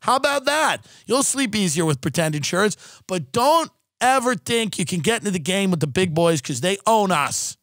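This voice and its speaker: A man's voice: high voice, big pitch swings, moderate pace, few pauses, fairly bright tone, no room sound, clean studio sound. A man doing a mocking impression of a condescending female politician who talks down to people. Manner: patronizing, mocking.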